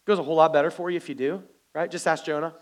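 A male pastor preaching a sermon, animated and joking with the congregation. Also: on the high side, very fast.

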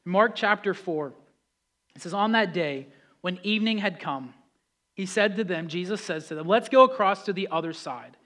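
A man preaching a sermon, talking with the congregation, swinging from loud pleading passages to hushed calm ones. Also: high voice, normal speed. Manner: builds to loud impassioned pleas, then drops to hushed calm; conversational preaching with audience questions. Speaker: pastor.

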